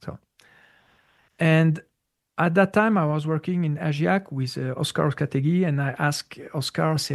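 A man answering a listener's question in a casual talk, halting and searching for words with many restarts. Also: a little high, vocal fry. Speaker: spiritual teacher answering questions. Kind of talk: casual spoken Q&A.

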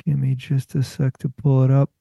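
A man reads out listener questions to a guest in a steady, plain manner. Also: mid-range voice, moderate pace, gravelly, dry recording. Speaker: interviewer reading listener questions. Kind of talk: reading questions aloud.

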